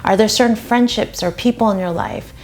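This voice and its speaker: Woman coach talking to camera, calm encouraging advice, mid pitch voice. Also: fairly quick. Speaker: dating coach.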